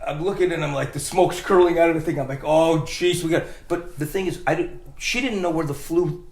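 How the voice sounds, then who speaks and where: A man with a fairly high voice tells a funny story in a loose, rambling way, often restarting his sentences and laughing. He sounds like he is recorded in an echoey room. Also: brisk. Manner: animated, rambling, restarts and laughs while telling. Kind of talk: casual storytelling chat.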